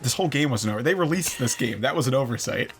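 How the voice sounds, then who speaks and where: Fast-talking man ranting over gameplay. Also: mid-range voice. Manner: ranting, critical, animated. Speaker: let's play co-host. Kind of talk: casual gaming commentary.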